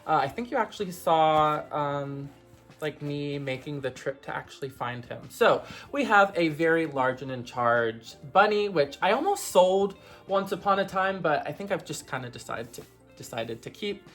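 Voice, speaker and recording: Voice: mid-range voice, animated, moderate pace, fairly bright tone, faint music behind. A collector hosting a casual vlog about her vintage plush toys, talking in a rambling, conversational way with lots of fillers. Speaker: vintage toy collector vlogger.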